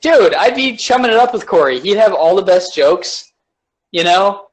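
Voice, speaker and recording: A young man co-hosting a podcast in a rambling casual chat, full of fillers and loud laughs. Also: high voice, expressive, normal speed, low-quality recording. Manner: rambling, laughs loudly, lots of "like". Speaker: podcast co-host.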